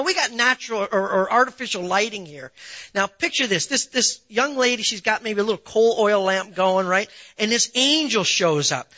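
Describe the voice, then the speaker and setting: A man's voice: very high voice, sharp tone, no room sound, muffled recording. A man preaching a sermon in a conversational way, asking rhetorical questions and building emphasis. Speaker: pastor.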